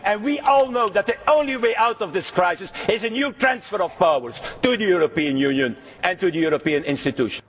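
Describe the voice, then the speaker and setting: A man giving a formal speech to colleagues in an earnest, formal manner. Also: sits high. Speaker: politician. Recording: tinny archive clip.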